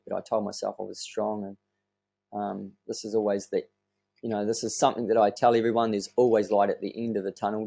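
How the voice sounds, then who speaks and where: A man, telling his story as a podcast guest in an earnest, animated way and swearing casually. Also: lowish voice, creaky. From New Zealand.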